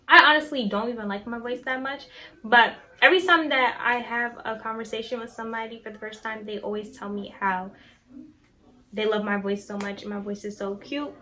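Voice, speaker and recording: A woman's voice: medium pitch, bright, forceful tone, low-quality recording. A teenage girl talking casually to her viewers in a chatty, self-assured way. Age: teens. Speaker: vlogger. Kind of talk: casual vlog talk to camera.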